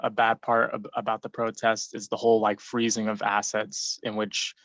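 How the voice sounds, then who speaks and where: With a medium-pitched, slightly bright voice, a young forum participant chimes in casually during a group discussion, rambling and leaning heavily on fillers. The recording is dry, dull and lo-fi.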